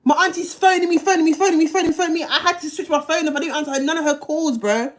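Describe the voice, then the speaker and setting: Her voice is high-pitched and racing as this woman, hosting a livestream, recounts something personal. She speaks bluntly with slang and swearing, often going over the same points again.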